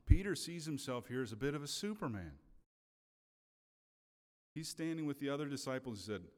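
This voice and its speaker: A man's voice: mid-range voice, big pitch swings, moderate pace. Conversational preacher man in a reverberant hall. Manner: conversational, checks in with "Okay?". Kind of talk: sermon.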